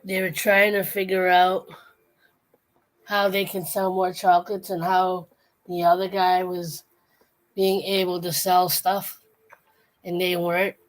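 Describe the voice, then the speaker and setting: A woman's voice: fairly low pitch, level tone, a little slow, long pauses. A woman hosting a casual late-night livestream, chatting in a rambling way with many restarts. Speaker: livestream host.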